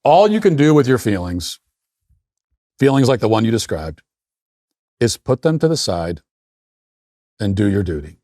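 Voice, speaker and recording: A man's voice: lowish voice, sing-song, normal speed, pauses often, dark tone, no room sound, clean studio sound. A man hosting a show and delivering a blunt, emphatic opinion monologue in a lecturing tone. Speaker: political commentator hosting a show.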